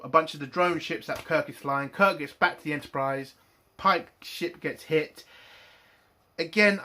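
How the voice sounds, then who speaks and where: A man rants through a TV review, blunt, exasperated and quick to swear. His voice sits a touch high and comes across forceful and bright. Restarts and stumbles show up as he talks his way through his frustration. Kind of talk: ranting review monologue.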